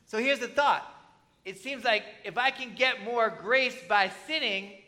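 A pastor preaching a conversational sermon in church, often asking the congregation questions. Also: male voice, very high-pitched, measured pace, pushed and bright. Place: church with slides on a screen.

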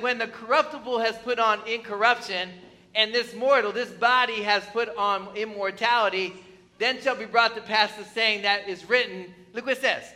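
A man's voice: sits high, bright, forceful tone. A man preaching a sermon to his congregation, emphatic and conversational, often asking the listeners questions. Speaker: pastor. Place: church.

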